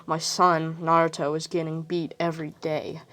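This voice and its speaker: A worried young mother pleads with the village elder in a low, plain voice, as a woman retells a fan story. She sounds lightly emphatic, with a soft hiss behind her. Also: flat delivery, normal speed. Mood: pleading.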